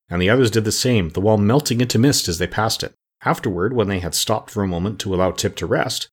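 A man reading a storybook aloud in a measured, steady narration. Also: mid-range voice, slightly rough. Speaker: audiobook narrator.

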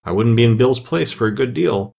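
A curious young girl from a storybook who thinks aloud and talks to herself, as a male narrator puts her on. The voice rises and falls a great deal and has a husky edge. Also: mid-range voice, expressive, a little fast, a little mellow. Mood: determined.

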